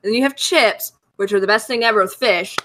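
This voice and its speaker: A woman's voice: medium pitch, brisk, noisy background. A woman from Georgia, a guest in a casual chat, talking bluntly and playfully and laughing at herself. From Georgia, USA.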